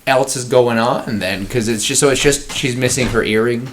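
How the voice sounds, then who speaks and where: A man co-hosts a podcast, casually brainstorming a story and animatedly acting out its scenes. His voice is medium-pitched at normal speed, with slight background noise.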